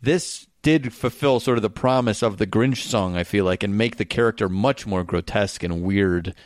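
A man's voice: on the low side, normal speed, no room sound. Rambly podcast guy going off on tangents, dry close sound. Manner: rambling, animated, frequent laughs and restarts. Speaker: podcast co-host. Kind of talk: casual chat.

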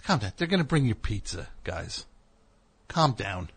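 A man's voice: lowish voice, sing-song, measured pace, slightly rough. A man hosting a comedic talk show, riffing in a rambling, sarcastic way with plenty of fillers. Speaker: host.

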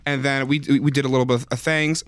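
A man's voice: mid-range voice, flat delivery, quick pace, a bit bright, smooth, no echo. A man chatting on a podcast, telling a story in a campy, laughing way and calling his friends "honey". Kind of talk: casual chat.

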